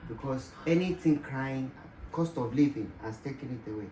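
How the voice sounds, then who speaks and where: A playful man chats and teases as the husband in a family vlog, talkative and easygoing. His voice is mid-pitched for a man and comes from well off the mic in a roomy space. A clear wash of background noise runs under him. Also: moderate pace, warm tone, distant mic. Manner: playful, teasing, chatty. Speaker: husband co-host. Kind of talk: casual family chat.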